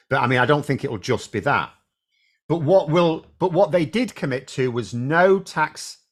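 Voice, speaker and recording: Male host, casual political talk, animated delivery with frequent restarts. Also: medium pitch. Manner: animated, thinking aloud with restarts.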